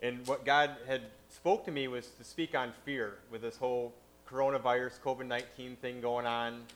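A man's voice: medium pitch, fairly even intonation, normal speed, fairly bright tone, a little hiss or hum. Man preaching a chatty sermon. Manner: conversational, many "you know" fillers.

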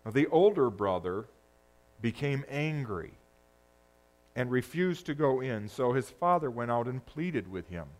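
A man preaching a sermon, moving between loud, urgent peaks and hushed, low passages. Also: sing-song, a little slow. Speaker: pastor.

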